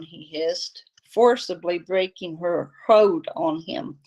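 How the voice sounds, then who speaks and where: A woman reading a novel aloud in a steady, unhurried storytelling manner. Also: fairly low pitch, rough recording. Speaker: audiobook reader.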